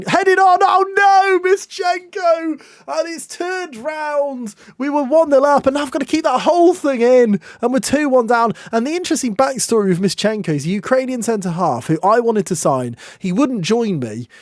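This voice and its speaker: A young man commentating on his own football management game, excitable, with groans and shouts at near misses and goals. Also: sits high, no echo, studio quality. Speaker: gaming YouTuber.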